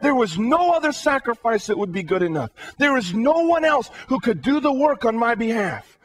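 High-voiced man preaching a sermon. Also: sing-song, moderate pace. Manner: earnest, asks the listeners rhetorical questions; often repeats words while building up a thought.

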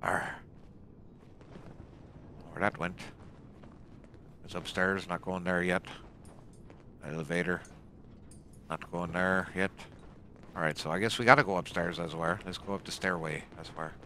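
A man's voice: sits low, steady tone, unhurried, long pauses, pushed and bright, a little hiss or hum. A man giving casual commentary while playing a game, grumbling and growling a pirate-like "arr" between remarks. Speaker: gaming channel host.

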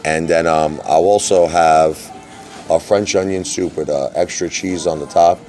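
Deep-voiced chatty man vlogging at a restaurant. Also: fairly even intonation, unhurried, a little mellow. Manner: chatty, rambling, restarts sentences. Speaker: vlogger ordering food at a restaurant. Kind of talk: casual chat to camera. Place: restaurant table.

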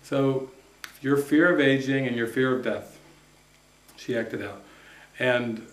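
Male spiritual teacher, mid-pitched voice, lively storyteller who laughs a lot, roomy echoey recording. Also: slow pace. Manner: animated anecdote, often laughing and acting out quotes. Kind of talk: storytelling to a retreat group. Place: retreat center room. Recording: echoey room.

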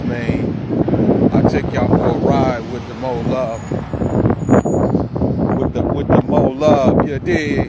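Very noisy audio captures a medium-pitched man vlogging by a busy street corner on a handheld phone camera. His casual walk-and-talk, heavy with street slang, turns into a profane, heated rant.

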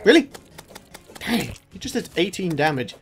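A young man commentating his own gameplay, excitable and shouting at enemies as he fights. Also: sits high, normal speed, faint music behind. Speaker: gaming YouTuber. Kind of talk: let's play commentary.

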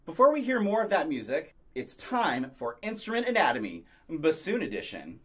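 A man hosting a children's music program, leading call-and-response sing-along songs and talking slowly and clearly to young kids. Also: on the high side, huge pitch swings. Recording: loud music under the voice. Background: guitar music.

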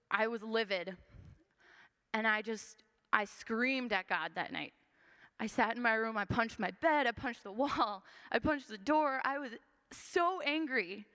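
A woman's voice: fairly high pitch, sharp tone, clean tone. A woman in her twenties gives a personal testimony in a church, talking earnestly and conversationally with plenty of fillers. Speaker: church member giving testimony. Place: church sanctuary. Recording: long church hall reverb.

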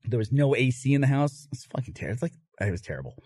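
Lebhafter Mann erzählt fluchend eine Anekdote. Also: male voice, medium pitch, fast talker, husky, no echo. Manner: animated, swears, laughs through his own story. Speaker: podcast host telling a story. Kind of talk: casual storytelling chat.

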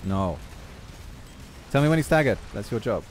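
A man giving jokey, self-mocking gameplay commentary with quick asides. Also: lowish voice, animated, slight background noise. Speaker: gaming YouTuber.

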